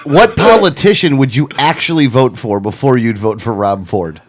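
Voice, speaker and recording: A man's voice: mid-range voice, normal speed. A man co-hosting a casual political talk show, joking and teasing the others with questions.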